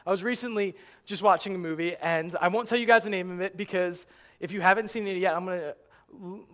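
A young man performing a stand-up comedy routine, telling animated stories and acting out his own reactions. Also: sits high, a little fast. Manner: animated storytelling, acts out yelling at the screen.

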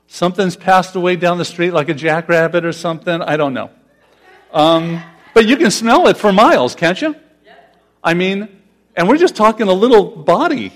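Man, pastor, conversational sermon, fairly high voice, asks questions. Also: lively intonation, moderate pace. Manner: conversational, asks the congregation questions, laughs often.

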